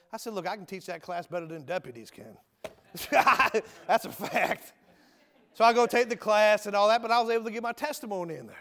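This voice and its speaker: A man preaching a sermon and giving his testimony as a former convict, swinging from emphatic shouts to low near-whispers in a folksy manner. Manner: folksy, calls listeners brother and my friend. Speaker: preacher, ex-convict prison minister. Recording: long hall reverb.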